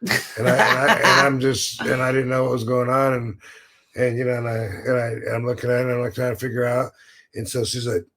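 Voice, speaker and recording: A man's voice: medium pitch, level tone, brisk, fairly bright tone. Rambling man in casual podcast chat. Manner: rambling, restarts and acted-out quotes. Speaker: podcast host.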